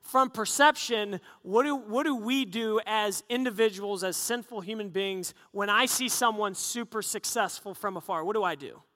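Man preaching, high bright voice, playful storyteller, echoing church hall. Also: moderate pace, few pauses. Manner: animated storytelling with self-deprecating humor. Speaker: pastor. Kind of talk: sermon.

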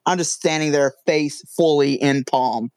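A man's voice: on the high side, unhurried, darkish tone, smooth, no echo. A man playing a tabletop game, sounding dry and exasperated. His voice sits in the middle range and is recorded close with little room sound. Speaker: player. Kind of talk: tabletop play.

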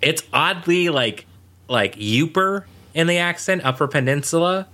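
A man's voice: on the high side, expressive, measured pace, bright, forceful tone. A man co-hosting a podcast, recapping a show in casual chat and rambling with many fillers. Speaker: podcast co-host.

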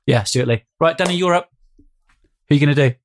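A man's voice: on the high side, fast talker. A man co-hosting a podcast in casual banter, teasing and egging the others on with jokes. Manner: teasing, jokey, eggs others on. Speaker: podcast co-host.

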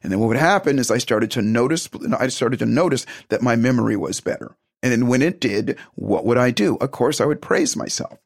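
A man giving a motivational self-help talk, emphatic and animated, acting out little conversations as he goes. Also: medium pitch, brisk, vocal fry, few pauses.

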